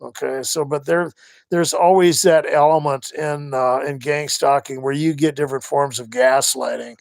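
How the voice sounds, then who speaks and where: Gravelly man rambling on a live stream. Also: fairly high pitch, steady tone, no room sound. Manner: rambling, halting with many restarts. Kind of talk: casual livestream monologue.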